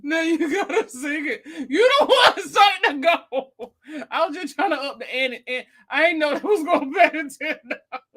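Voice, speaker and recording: A woman's voice: high voice, lively intonation, normal speed, a bit bright. Laughing woman host reading comments. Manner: laughs constantly, reads viewer comments aloud. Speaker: livestream host. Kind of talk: casual livestream chat.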